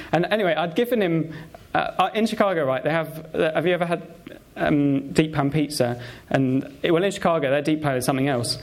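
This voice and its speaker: A man giving a conversational sermon full of personal stories, talking in a halting way with many fillers and restarts. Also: fairly high pitch. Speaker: preacher.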